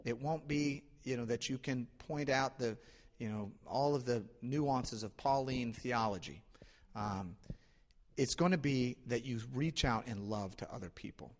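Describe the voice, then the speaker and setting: Male pastor, conversational sermon, animated storyteller, medium pitch, long hall reverb. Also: unhurried. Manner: conversational, animated retelling with many restarts.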